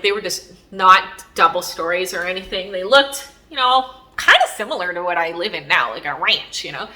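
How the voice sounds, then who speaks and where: Woman vlogging, bright voice, chatty and rambly with lots of fillers. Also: medium pitch. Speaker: spiritual vlogger. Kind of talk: casual storytelling.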